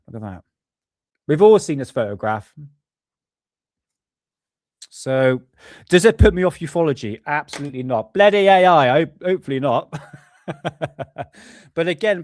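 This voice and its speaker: A man's voice: mid-range voice, no room sound, studio quality. Chatty man hosting a stream. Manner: chatty, laughs at viewer comments, drifts back to his notes. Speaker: live stream host. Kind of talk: casual live-stream chat.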